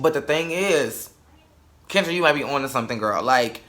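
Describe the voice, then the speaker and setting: A man's voice: medium pitch, lively intonation, moderate pace, a bit bright. A young man giving a casual, sassy and blunt reality TV episode review, swearing freely.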